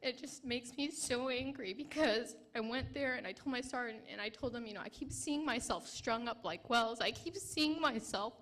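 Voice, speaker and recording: A young woman veteran gives her testimony to a conference audience. Her voice sits a little high, and she speaks emotionally, breaking off and restarting her sentences again and again. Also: fairly bright tone. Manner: emotional, halting, with many restarts and fillers. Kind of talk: personal testimony.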